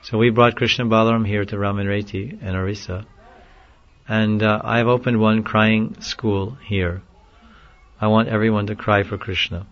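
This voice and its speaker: A man preaching a devotional lecture in a slow, earnest way, sometimes pleading. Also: fairly low pitch, steady tone. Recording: dull lo-fi recording.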